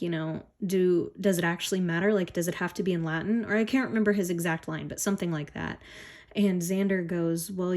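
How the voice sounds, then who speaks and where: A woman's voice: lowish voice, a little mellow. A woman talking casually and at length about tarot decks, with many fillers and restarts. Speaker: tarot deck reviewer. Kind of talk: casual rambling chat.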